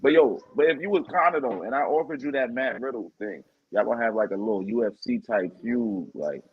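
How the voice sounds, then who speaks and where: Husky podcast dude, blunt slangy talk, muffled lo-fi audio. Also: male voice, mid-range voice, brisk. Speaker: podcast co-host. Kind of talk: casual chat.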